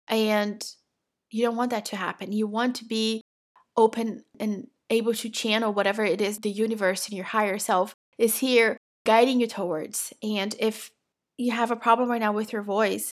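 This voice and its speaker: A woman's voice: mid-range voice, steady tone, normal speed. A woman with an accent hosting a podcast, talking in an encouraging, empathetic and emphatic way in a motivational monologue. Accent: non-native English accent. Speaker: podcast host.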